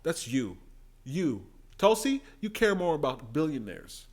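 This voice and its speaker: A man hosting a political commentary channel, reacting to debate clips with animated, indignant outbursts. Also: a little high, moderate pace. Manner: animated, bursts into indignant exclamations.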